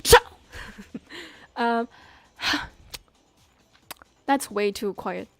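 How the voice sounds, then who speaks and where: A woman streaming a game, talking excitedly, laughing and reading the dialogue aloud. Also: fairly high pitch, very slow, vocal fry, no room sound. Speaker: gaming streamer. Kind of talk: excited gameplay commentary.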